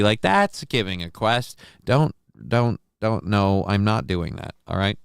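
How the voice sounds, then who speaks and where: A man hosting a live talk show, rambling and joking, with loud bits and quiet asides. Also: lowish voice, expressive, unhurried, vocal fry, hardly any pauses, clear, resonant tone, no echo, clean studio sound. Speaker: show host. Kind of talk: casual live-show chat.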